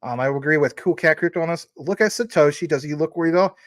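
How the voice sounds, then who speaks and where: This man in his forties hosts a casual crypto livestream, talking fast in a higher-pitched voice. He rambles with plenty of fillers as he reads out viewers' super chats and thanks them. The recording is dry, with no room sound.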